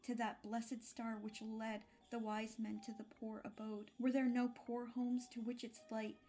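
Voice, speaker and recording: A woman's voice: on the high side, level tone, measured pace, warm tone, natural voice. A woman voicing a grim male ghost, a dead miser bound in chains, who speaks in a mournful, solemn, declaiming way.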